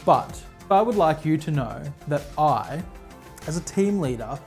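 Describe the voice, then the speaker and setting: A woman's voice: deep voice, lively intonation, unhurried, darkish tone, faint music behind. An Australian woman hosting a knitting podcast, talking to camera in a chatty, rambling, self-deprecating way from home. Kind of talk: casual chat to camera. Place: home, on her couch.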